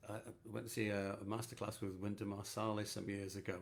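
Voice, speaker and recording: A man's voice: fairly low pitch, little pitch movement, fairly quick, creaky. A man hosting a conversation, telling anecdotes in an affable way. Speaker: host. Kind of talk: conversational interview.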